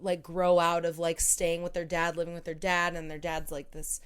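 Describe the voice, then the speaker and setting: A woman's voice: on the low side, completely flat delivery, moderate pace, clear, resonant tone. A young woman co-hosting a podcast in casual chat, rambling with lots of "like" and swearing. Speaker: podcast co-host.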